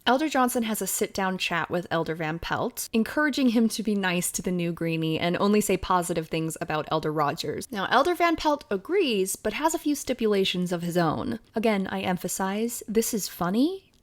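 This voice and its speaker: A woman's voice: medium pitch, animated, fairly quick, hardly any pauses. A woman hosting a film review video in casual commentary, chatty and wry, recorded on a close mic.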